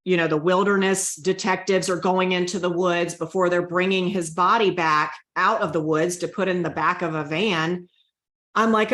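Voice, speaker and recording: A woman's voice: lowish voice, normal speed, a bit bright, reverberant. A woman guest on an interview show telling a personal story in an earnest, emotional way, often repeating her own prayers aloud. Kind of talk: heartfelt testimony interview.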